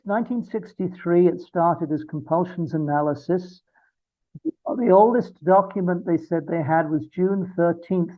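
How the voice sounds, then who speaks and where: Over a dry, phone-like line with no room sound, a high-pitched English man in his seventies talks as an interview guest. He reminisces at length in a discursive, reflective way, often wandering off into asides.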